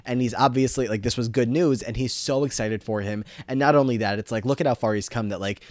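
A man co-hosting a casual TV recap chat, chatty and full of "like", speeding up when excited. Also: mid-range voice, fast talker, no echo. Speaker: podcast co-host recapping a TV episode.

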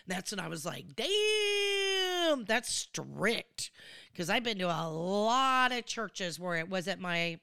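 A woman's voice: lowish voice, moderate pace, few pauses, pushed and bright, clear, resonant tone, no echo, clean studio sound. A woman giving casual, opinionated commentary on a reality show, acting out what people said in different voices. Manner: chatty, opinionated, acts out quotes in voices.

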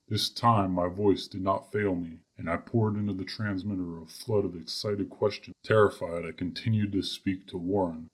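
A man reading a horror story aloud in a grave, measured way. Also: low voice, fairly even intonation, slightly rough. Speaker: narrator.

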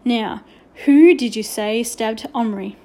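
A woman reading aloud and voicing a stern, gruff middle-aged male headmaster in a storybook, firm and measured. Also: a little high, dark tone.

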